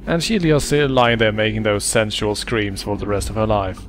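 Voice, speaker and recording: A man's voice: fairly low pitch, moderate pace, slight background noise. Joking male gameplay commentator. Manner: joking, swears at his minions. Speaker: let's play host.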